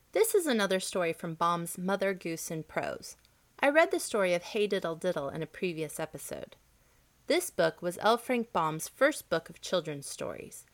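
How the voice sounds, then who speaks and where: A woman hosting a reading show, narrating a children's story in a gentle, expressive way. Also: lowish voice. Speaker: storybook reader, host.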